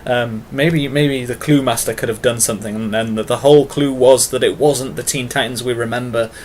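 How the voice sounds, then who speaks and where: A man's voice: medium pitch, fairly even intonation, fairly quick, slight background noise. A British man talking casually to camera in a tag video, long-winded and full of fillers, with self-mocking asides. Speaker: vlogger.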